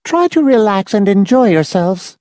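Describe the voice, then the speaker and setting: A woman's voice: medium pitch, normal speed, dry recording, lightly acted. A woman voicing a dry, dispassionate schoolteacher type. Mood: calm. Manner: dry, dispassionate, calmly insistent. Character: prim, controlling female schoolteacher type. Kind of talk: audiobook dialogue reading.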